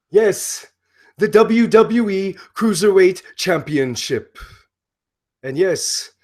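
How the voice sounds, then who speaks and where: A man doing a comedic impression of an eccentric, grandiose male wrestler persona that swings between bombastic proclamations and hushed whispers. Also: fairly high pitch, voice pushed up.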